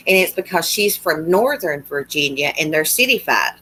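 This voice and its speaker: A woman's voice: on the low side, expressive, normal speed, hardly any pauses, fairly bright tone. A woman with a Southern US accent, hosting a livestream in casual chat and answering comments in a chatty, countrified drawl. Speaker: livestream host.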